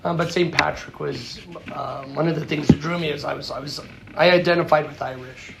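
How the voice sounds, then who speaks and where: A man's voice: fairly high pitch, steady tone, fairly quick, vocal fry, very noisy. A man giving an informal talk and answering questions, rambling and full of anecdotes. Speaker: guest speaker answering questions.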